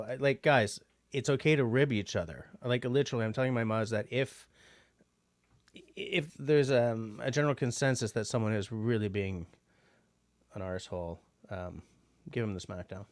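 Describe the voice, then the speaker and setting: A man with a fairly low voice chats through a relaxed livestream, rambling and filling pauses with ums. The sound is dry and close, with hardly any room around him. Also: no room sound. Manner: rambling and chatty with many fillers. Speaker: livestream host. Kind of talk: casual livestream chat.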